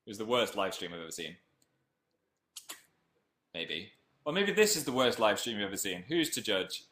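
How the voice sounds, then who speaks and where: A man's voice: on the low side, very animated, normal speed, pushed and bright, reverberant. A young man with a Northern English accent, chatting casually on a live stream and reading viewer comments aloud. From Northern England.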